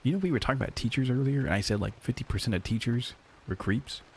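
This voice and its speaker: A mid-range voice, quick speech and vocal fry mark this young man, recorded with a faint hiss or hum. He chats casually with his live chat, swearing freely and peppering in "like" and "dude."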